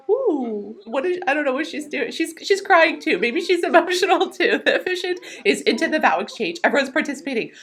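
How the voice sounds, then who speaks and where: Young woman chatting over her game, high voice that jumps all over, giggly and excitable, squeals a lot. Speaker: gaming YouTuber. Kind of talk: casual gameplay commentary.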